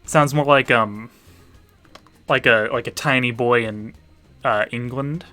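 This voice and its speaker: A man's voice: medium pitch, slow pace, pushed and bright, faint music behind. A man, a teacher hosting a party game stream for students, chatting casually with dry offhand asides as he sets up rounds. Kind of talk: casual livestream chat.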